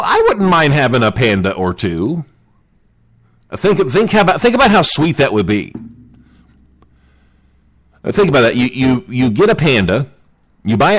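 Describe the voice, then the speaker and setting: A man hosting a comedic show, rambling jokily through odd news stories and asking his listeners questions. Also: mid-range voice. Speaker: radio show host.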